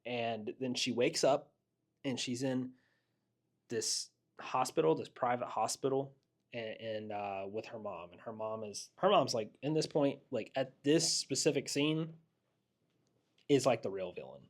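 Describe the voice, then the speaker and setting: In this clip, a man with a medium-pitched voice speaks at a measured pace. He's co-hosting a podcast, casually walking through a horror movie scene by scene, animated as he tells it and mimicking the characters in quotes.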